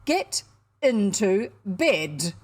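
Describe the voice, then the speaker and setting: A woman's voice: high voice, very animated, moderate pace, pitched above the performer's own voice. A New Zealand woman voicing a cold, stern elderly spinster aunt who gives clipped, icy commands in a storybook reading.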